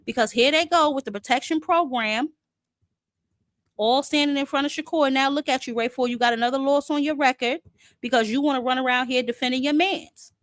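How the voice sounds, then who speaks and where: A woman's voice: high voice, brisk, no echo. A woman host, giving sassy, chatty boxing commentary full of fillers. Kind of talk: casual commentary.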